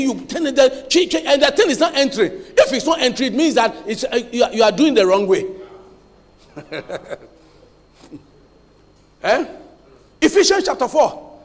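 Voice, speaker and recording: A man preaching a sermon as pastor, emphatic, often pausing for the congregation to finish his lines. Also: extremely high pitch. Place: church hall. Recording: long hall reverb.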